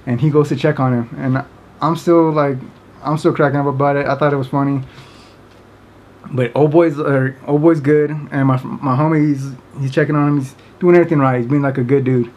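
A man's voice: mid-range voice, steady tone, a little fast, a little mellow. A man casually telling a funny story to camera, rambling with many fillers and often breaking into laughter. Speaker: vlogger.

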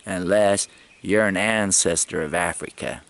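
A man's voice: sits low, measured pace, gravelly, fairly bright tone. A middle-aged man in a casual travel vlog, rambling and chuckling as he tells stories. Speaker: travel vlogger.

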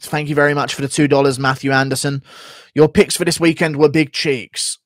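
A man's voice: on the high side, little pitch movement, a little fast, dry recording, studio quality. A man streaming live, chatting casually, thanking donors and joking with crude, profane banter.

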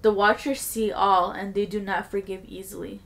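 A woman's voice: medium pitch, level tone, moderate pace, vocal fry, lightly acted. A woman reading the lines of a stern female village ritual leader with a grave, warning tone. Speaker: podcast host.

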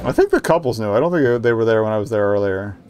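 A man's voice: on the low side, expressive, fast, background noise. A man streaming a story game, chatting casually with profane, rambling asides. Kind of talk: casual gaming commentary.

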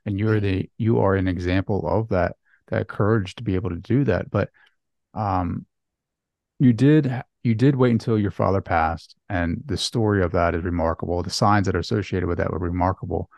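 A man hosting an interview, asking earnest, halting questions. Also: low-pitched, vocal fry, darkish tone, no echo, dull audio. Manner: earnest, hesitant questioning with fillers. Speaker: podcast host.

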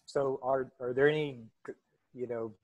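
Male student, halting thoughtful asker, dry close sound. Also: mid-range voice, fairly even intonation, dry recording. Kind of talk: asking a question in an online class.

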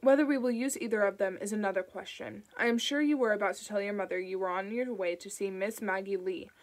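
A woman's voice: mid-range voice, quick pace, natural voice. A woman voicing a sinister man who talks in a prim, precise, falsely cheery way. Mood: peevish.

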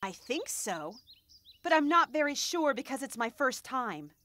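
A gentle pregnant cartoon elephant. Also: female voice, sits high, sing-song, a little slow, a little hiss or hum, exaggerated voice. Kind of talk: animated cartoon dub.

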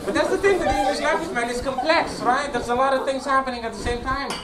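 A man's voice: very high voice, fast talker. A man from Romania doing stand-up comedy in a small basement club, teasing the crowd and checking in with them. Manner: playful, teasing, checks in with "right?". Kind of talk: stand-up set with crowd work. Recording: echoey room mic from far off, loud crowd and noise.

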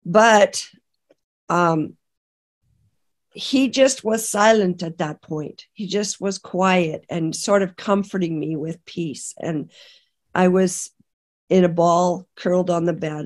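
A middle-aged woman from Canada, a podcast guest, telling an emotional personal testimony in a halting way with many restarts. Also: lowish voice. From British Columbia, Canada. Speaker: interview guest.

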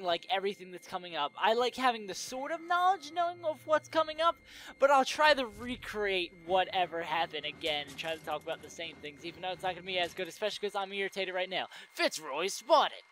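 A man narrating a video game playthrough in a fairly high voice, grumbling with irritation. He jumps between loud complaints and muttered attempts to soothe himself. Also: low-quality recording. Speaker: video game let's player. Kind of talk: casual gameplay commentary.

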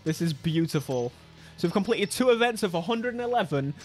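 A man commentating his own racing game playthrough, excitable and jokey, laughing often. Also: high-pitched, brisk, faint music behind. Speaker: gaming YouTuber. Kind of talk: let's play commentary.

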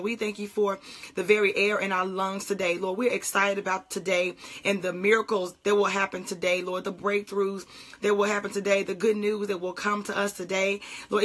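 A woman's voice: mid-range voice, a bit bright. A woman pastor, greeting livestream viewers by name and leading a fervent flowing prayer.

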